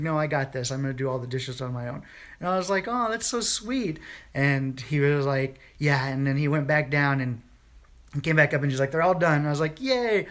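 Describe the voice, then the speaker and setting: A man in his thirties telling a dream story in a casual morning vlog from bed, rambling with many fillers and restarts. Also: mid-range voice. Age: 30s. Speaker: vlogger. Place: home, in bed.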